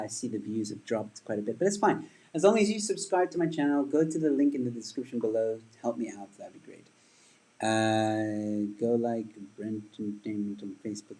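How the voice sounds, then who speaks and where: Husky man, comedian host, loose rambling livestream chat with viewers. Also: fairly low pitch, a little mellow, low-quality recording. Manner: rambling, chatty, reads and answers viewer comments.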